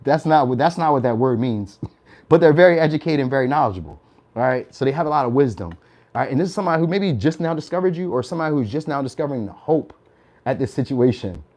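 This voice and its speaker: A man's voice: on the high side, expressive, quick pace, a little mellow. Chatty man giving a tarot reading. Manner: chatty, laughs often, tags lines with "all right?". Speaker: tarot reader.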